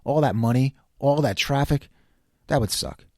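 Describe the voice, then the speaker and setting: A man's voice: medium pitch, normal speed, no room sound, clean studio sound. An older man from the New York City area, ranting and complaining in a casual, sarcastic monologue. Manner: animated, sarcastic, exasperated complaining. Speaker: commentary show host.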